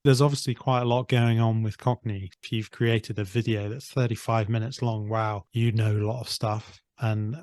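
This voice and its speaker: A man's voice: fairly low pitch, level tone, normal speed, few pauses, darkish tone, no echo, clean studio sound. A man hosting a casual podcast chat, reading aloud from an article and prompting with tag questions. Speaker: podcast host.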